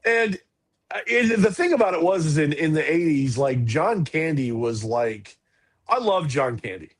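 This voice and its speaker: A man's voice: fairly high pitch, animated, moderate pace. A man in his forties on a podcast, telling a story in a casual, rambling way with lots of restarts and fillers. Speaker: podcast co-host.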